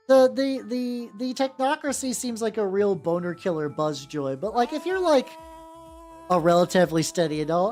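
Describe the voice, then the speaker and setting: A woman's voice: medium pitch, lively intonation, normal speed, a little mellow, faint music behind. A woman chatting casually on a miniature painting stream, rambling with many restarts and some swearing. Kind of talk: casual livestream chat.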